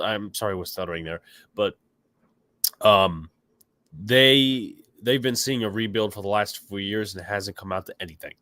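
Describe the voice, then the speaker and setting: A man's voice: lowish voice, moderate pace, sharp tone, no echo. A man hosting a casual sports podcast, opinionated and rambling, with a stuffy nose, reacting to chat comments. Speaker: podcast host.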